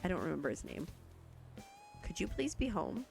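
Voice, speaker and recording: A woman's voice: on the low side, big pitch swings, normal speed, gravelly, darkish tone, soft background music. A young woman chatting casually with viewers while she plays a video game, bubbly and self-teasing. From Canada. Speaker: streamer. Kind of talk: casual live-stream chat while playing a video game.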